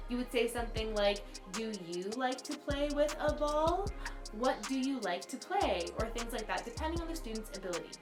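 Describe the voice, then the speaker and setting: Reassuring woman in an echoey room. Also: on the high side. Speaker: online teaching mentor. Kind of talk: instructional video chat. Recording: echoey room with music behind.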